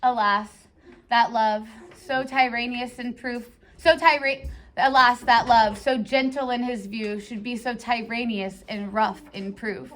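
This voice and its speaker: A woman's voice: on the high side, steady tone, measured pace, a little hiss or hum. A woman reading the part of a cheerful, peaceful young man in an upbeat way. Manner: bright and upbeat.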